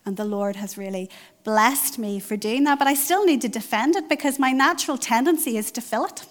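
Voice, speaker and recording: A woman's voice: on the high side, fairly quick. Woman preaching, earnest repetitions. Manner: conversational, emphatic repetition. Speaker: church speaker. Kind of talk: sermon.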